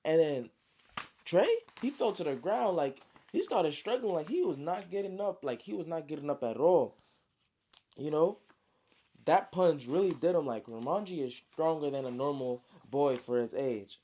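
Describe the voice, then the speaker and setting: A man's voice: fairly high pitch, animated, normal speed, warm tone, lo-fi sound. A man casually retelling his own story like a friend, slangy and full of spoken sound effects. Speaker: storyteller, author.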